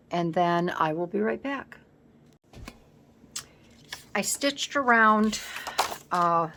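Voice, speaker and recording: Working at her home craft table, this scrapbooking vlogger chats casually and thinks out loud, captured by a camera resting on the table. She has a lowish, fairly bright voice, and there's slight background noise.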